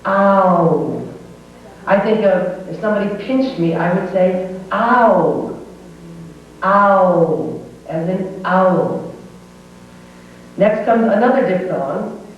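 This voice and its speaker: A woman teaching pronunciation who slowly models each vowel sound and patiently explains how the lips and jaw move. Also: mid-range voice. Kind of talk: slow demonstrative pronunciation lesson. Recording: old VHS tape, distant roomy echo, dull with faint hum.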